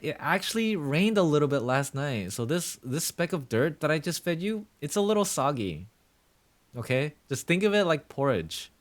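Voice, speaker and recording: A male streamer chatting casually with his viewers, playful and teasing in mock-villain banter. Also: on the high side.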